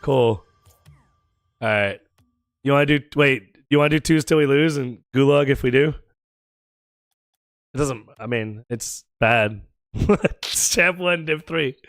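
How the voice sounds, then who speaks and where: An American man streaming a game and chatting casually with his viewers, joking, teasing and firing off quick questions. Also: medium pitch, no echo, studio quality. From United States. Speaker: gaming streamer.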